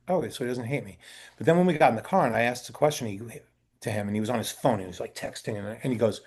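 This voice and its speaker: Animated and quick-paced, this man's medium-pitched voice has a darkish tone. He's a talent agent answering questions casually in an indoor sit-down interview, full of long anecdotes, acted-out quotes, fillers, and restarts.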